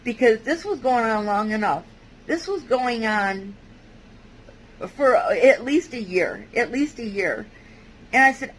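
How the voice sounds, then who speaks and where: Halting woman telling a personal story. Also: on the high side, expressive, a little hiss or hum, rough recording. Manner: halting, hesitant, with many fillers and restarts. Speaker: vlogger. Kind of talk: personal testimony.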